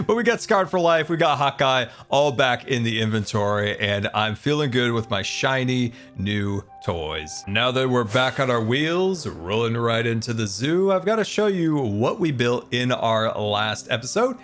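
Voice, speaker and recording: A man playing a video game and giving playful, excitable commentary as he builds and jokes. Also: medium pitch, a little slow, soft background music. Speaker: gaming YouTuber. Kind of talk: gameplay commentary.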